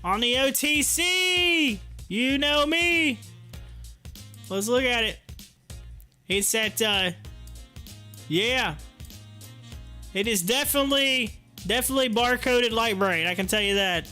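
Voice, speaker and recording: A man hosting a live stream and reading viewer chat aloud, animated, laughing often and repeating his phrases. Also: very high-pitched, slow, long pauses, faint music behind.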